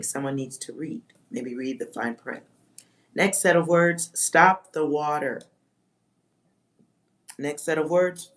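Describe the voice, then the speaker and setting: Slow, musing woman reading to chat. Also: sits low. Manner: slow, musing, reads words and spells them out, swears offhand. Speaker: livestream psychic reader. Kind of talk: live-stream reading to chat.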